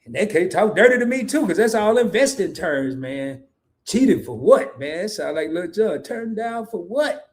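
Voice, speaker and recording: Hosting a relaxed livestream, a man speaks at normal speed in a high, animated voice. He reads comments out loud, laughs a lot, and says lines again to drive them home.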